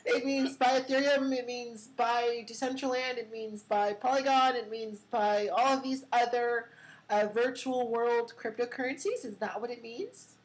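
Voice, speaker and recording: A woman's voice: a little high, steady tone, normal speed, rough recording. A young woman hosting a casual crypto livestream, giving a chatty market rundown full of fillers. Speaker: livestream host.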